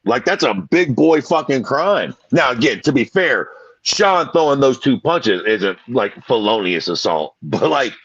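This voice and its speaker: A man co-hosting a podcast, ranting in animated, profane, slang-heavy casual chat. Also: medium pitch, measured pace, husky, dull audio. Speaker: podcast co-host.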